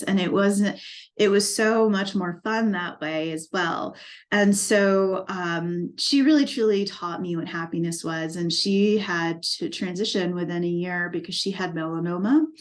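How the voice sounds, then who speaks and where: A middle-aged woman, an equine life coach, telling her personal story in a documentary interview in an earnest, reflective and emotionally moved way. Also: lowish voice.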